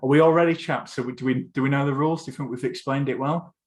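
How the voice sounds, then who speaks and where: A man's voice: mid-range voice, steady tone, very fast. Chatty Essex-accented young man. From England. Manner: chatty, loose, swears casually. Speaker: podcast host. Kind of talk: casual chat.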